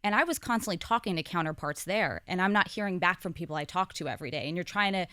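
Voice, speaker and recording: A woman in her thirties talks through her experiences in a candid, conversational podcast chat. Her voice sits fairly low and sounds smooth and clear. It is recorded close and dry, with no room sound. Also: expressive, bright, forceful tone, no room sound. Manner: candid and quick, with frequent laughs and fillers. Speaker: co-host and guest.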